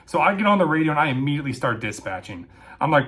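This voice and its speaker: A man telling a comic story about his days as a military police dispatcher, acting out the lines with sudden shouts and asides. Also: a little high, fast. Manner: animated, acts out quotes with shouting and asides. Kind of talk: comedic storytelling.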